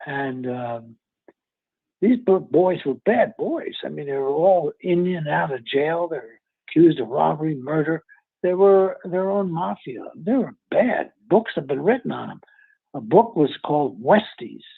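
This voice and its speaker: An older man from New York City tells rambling stories in a casual interview, chuckling and losing names as he goes. His voice is gravelly and a little husky and sits fairly high. It comes through a thin, phone-like line. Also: lively intonation, unhurried. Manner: rambling, chuckling, loses names mid-story. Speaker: actor being interviewed. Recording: tinny phone-like call audio.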